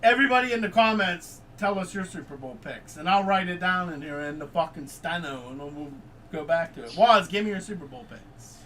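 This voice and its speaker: A man hosting a casual sports podcast with a Pittsburgh accent, loud, profane and excitable. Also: high-pitched, a little fast. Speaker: podcast host. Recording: distant mic with faint background noise.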